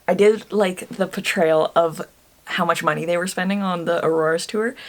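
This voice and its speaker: A woman from Ireland giving a casual, rambling review monologue, talking herself into a heated rant at times. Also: on the low side. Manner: chatty, rambling, gets worked up and rants. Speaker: book and TV reviewer.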